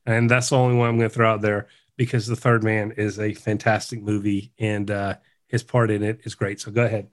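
A man's voice: fairly low pitch, little pitch movement, a little fast. A man co-hosting a casual movie podcast, reading listener mail with a hesitant, filler-heavy delivery. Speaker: podcast co-host. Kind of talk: casual chat about movies.

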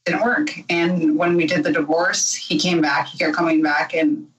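A woman's voice: low-pitched, level tone, normal speed, recorded from a distance, dull audio, a little hiss or hum. A woman guest telling her story bluntly and candidly, laughing often in a casual interview chat.

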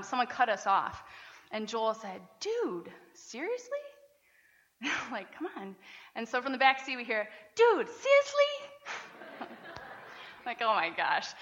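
A woman pastor preaching a lively sermon, often laughing and acting out the people she quotes. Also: fairly high pitch. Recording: dull sound with long hall reverb.

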